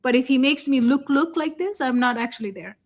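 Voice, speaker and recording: A woman's voice: high voice, animated, a little fast. A woman hosting an interview, talking casually about herself with many restarts and filler words. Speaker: host.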